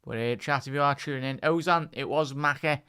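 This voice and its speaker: A man's voice: medium pitch, brisk, pushed and bright, clear, resonant tone. A man with a Scouse accent giving casual live match commentary on a stream, chatting to his viewers and calling them lad and chat. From Liverpool, England.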